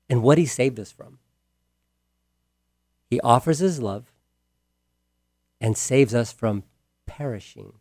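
A man preaching a sermon with real emphasis, repeating his key words and moving between loud passages and hushed ones. He asks the listeners questions directly. His voice sits at a middle pitch, and the recording is dry with no room echo.

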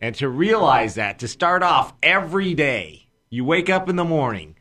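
A man's voice: on the high side, normal speed. A man, a pastor co-hosting a religious broadcast, preaching with rising emphasis and repetition. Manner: emphatic, building excitement, acts out groggy morning grumbles. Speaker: pastor, co-host.

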